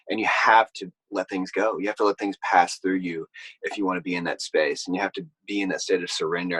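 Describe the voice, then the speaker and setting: A man's voice: deep voice, fairly bright tone, breathy edge, no echo, low-quality recording. A man who is a mentor and speaker, talking as a podcast guest in a reflective way and laughing often. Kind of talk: casual conversation.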